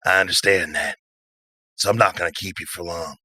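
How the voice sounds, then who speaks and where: A man's voice: low voice, fairly even intonation, a little fast, pushed and bright, husky, dry recording, clean studio sound, pitched below the performer's own voice, full character voice. A man voicing an easygoing male mind-reader who loves to jam and talks in a drawling, probing way.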